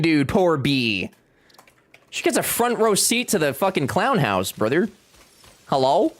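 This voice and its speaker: With a fairly high, sing-song voice, a man chats a little slowly with his viewers while streaming a game from home. His talk is casual and joking, full of profanity, and he answers chat directly.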